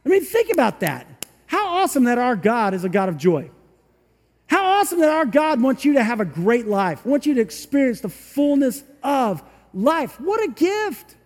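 Male pastor, very high voice, conversational preaching with acted-out asides, long church reverb. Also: big pitch swings, normal speed. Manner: conversational, acts out little voices, shouts of "woo". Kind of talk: sermon. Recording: long reverb from a large room.

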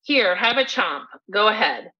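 A woman's voice: mid-range voice, sing-song, unhurried, slightly rough, pitched above the performer's own voice. Woman voicing a stubborn giant billy goat. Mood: combative. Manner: insistent, combative. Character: huge horned billy goat, stubbornly self-blaming. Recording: dull lo-fi recording.

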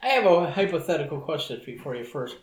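A man's voice: on the high side, expressive, very fast. A man playing a tabletop game, talking in a wry, profane way. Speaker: player. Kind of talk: casual tabletop play. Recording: echoey room with faint noise.

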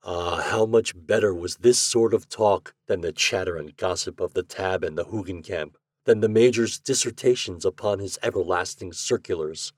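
A man narrating a classic short story as podcast host, measured and even in his storytelling. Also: sits low, dry recording, clean studio sound.

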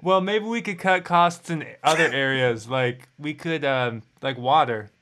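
A man riffing through improv scenes on a comedy podcast. His voice sits a touch high, and his delivery is playful and laughing. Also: measured pace, fairly bright tone. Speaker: podcast co-host.

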